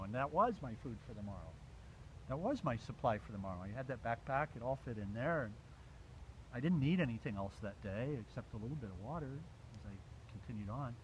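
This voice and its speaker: A man telling a story to a small group in a relaxed, animated way, laughing often and acting out the dialogue. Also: medium pitch, a little fast, rough recording. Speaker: storyteller recounting a pilgrimage walk. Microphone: phone. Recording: faint background noise, phone recording.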